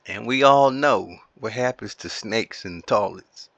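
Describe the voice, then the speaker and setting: Man, gaming commentator; bright, forceful trash talk, dry dull lo-fi mic. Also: on the low side, unhurried, gravelly, few pauses, no room sound. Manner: playful trash talk, animated and silly. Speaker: gaming YouTuber. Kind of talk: casual gameplay commentary.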